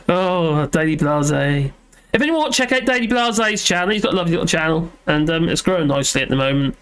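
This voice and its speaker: A man's voice: high voice, fast talker, a bit bright. A man hosting a casual livestream from home, rambling and self-deprecating, with lots of fillers and restarts. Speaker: livestream host reading chat. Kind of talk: casual live chat.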